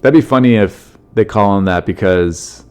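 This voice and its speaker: A man's voice: fairly low pitch, normal speed, a little mellow, clear, resonant tone. A man hosting a solo comedy podcast, rambling and joking through news stories and swearing freely. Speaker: podcast host.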